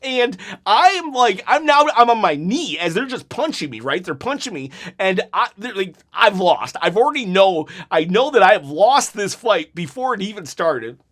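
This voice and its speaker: Man, 40s, casual wrestling commentary, chatty, self-mocking, high voice, very animated. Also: moderate pace, hardly any pauses. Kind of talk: casual video commentary and storytelling.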